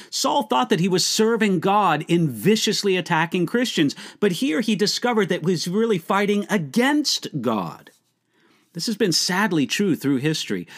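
A man pastor delivers a short devotional Bible teaching in a fairly high voice. His pitch rises and falls in a lively, animated way. He speaks earnestly and deliberately, drawing out the words he wants to stress. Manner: earnest, measured, stretches key words slowly.

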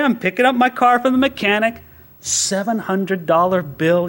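A man's voice: high-pitched, normal speed, fairly bright tone. A male pastor preaching a sermon, with acted asides and everyday examples.

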